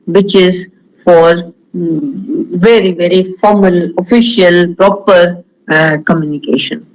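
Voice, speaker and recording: A man with an Indian English accent giving an online lecture on pronunciation, slowing down to model words, with frequent fillers. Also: high-pitched, rough recording.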